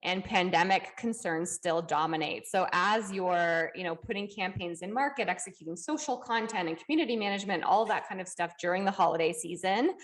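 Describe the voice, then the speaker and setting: Low-voiced, reflective woman co-host. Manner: measured, reflective, uses "you know" fillers. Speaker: podcast co-host. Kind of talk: casual conversational podcast.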